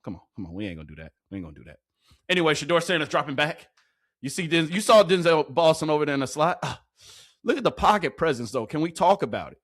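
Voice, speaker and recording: A young man talks over football clips in a loose, hyped reaction style, leaning on slang and repeating his favorite lines for emphasis. His voice sits a bit higher than most men's, and he laughs easily between calls. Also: big pitch swings, fast talker, a bit bright. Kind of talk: casual hyped clip breakdown.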